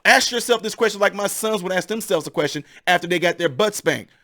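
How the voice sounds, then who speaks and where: A man's voice: sits high, brisk, bright, forceful tone. A middle-aged man giving opinionated political commentary, emphatic and preachy, with lots of rhetorical questions.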